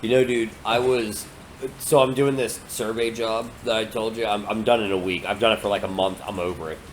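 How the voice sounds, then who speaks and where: A man's voice: on the low side, steady tone, fairly quick, a little hiss or hum. A young man chatting casually as a podcast co-host, rambling through stories with lots of fillers and swearing. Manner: rambling, profane, storytelling, many fillers. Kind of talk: casual chat.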